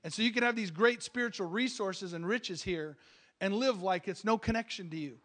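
High-voiced man preaching a sermon. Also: a little fast, fairly bright tone. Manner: emphatic, calls for amens, repeats his starts. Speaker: visiting preacher. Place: church.

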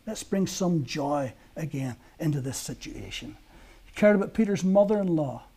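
High husky guy preaching, mellow tone, gets loud then real quiet. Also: expressive, moderate pace. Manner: earnest storytelling, rising to emphatic peaks and dropping to hushed lines. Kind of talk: sermon.

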